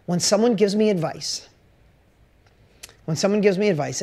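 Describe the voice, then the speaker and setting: A woman's voice: medium pitch, normal speed, long pauses, warm tone. A woman business coach giving a motivational talk to a course audience, speaking emphatically and straight to her listeners with lots of rhetorical questions.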